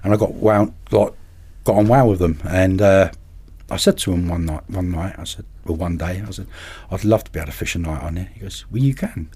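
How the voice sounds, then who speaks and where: A man, a podcast guest and carp angler, telling anecdotes in a lively way and acting out the voices of people in them. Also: deep voice, fairly quick, slightly rough. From England. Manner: animated, acts out other people's voices in anecdotes. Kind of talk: casual storytelling.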